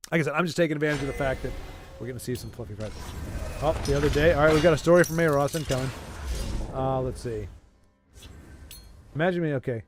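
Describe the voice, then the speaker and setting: A young man live-streaming and commentating a card game, reacting excitedly with quick exclamations and jokey, rambling asides. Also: on the high side.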